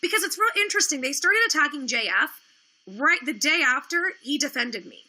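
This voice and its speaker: Speaking fairly quickly in a high, sharp, animated voice, a woman on her livestream launches into an indignant, sarcastic, profanity-laced rant. Underneath it she comes across as tired and drained of energy.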